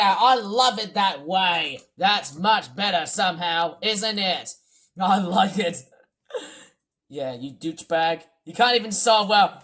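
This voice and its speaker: A YouTuber ranting and complaining in a vlog, throwing out insults, with a voice strained from yelling. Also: medium pitch, lively intonation, slow.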